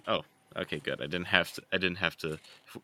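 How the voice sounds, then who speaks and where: A man's voice: low voice, fairly even intonation, a little fast, sharp tone. A man co-hosting a podcast in casual chat, laid-back and sweary, laughing often. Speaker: podcast co-host.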